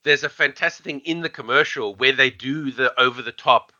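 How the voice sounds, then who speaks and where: A man rambles through a casual podcast chat with a very bright, dry-sounding voice. The recording is dull and lo-fi. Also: mid-range voice, brisk, no echo. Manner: rambling, animated, many fillers. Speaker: podcast co-host.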